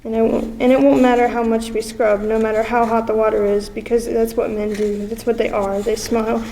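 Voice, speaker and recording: A young woman with a gravelly, dark voice reads spoken-word poetry with intense drama, held to a narrow pitch range. She sounds distant from the mic, with a long hall reverb and faint background noise. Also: flat delivery, fairly quick. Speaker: student poet.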